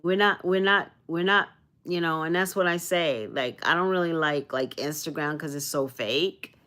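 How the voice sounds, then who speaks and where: A woman's voice: sits low, normal speed, fairly bright tone. A woman from Arizona chatting live with her viewers, rambling and earnest, often repeating herself and restarting, with spiritual, uplifting talk about energy and self-love. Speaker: live streamer. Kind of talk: casual livestream chat with viewers.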